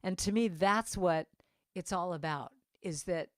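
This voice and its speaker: A middle-aged woman giving a sermon as a guest speaker, telling stories in an animated way and acting out the voices of people she quotes. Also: lowish voice, measured pace, no echo, clean studio sound. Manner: animated, acts out quoted voices, laughs while talking. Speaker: guest speaker at a Sunday service. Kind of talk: storytelling sermon.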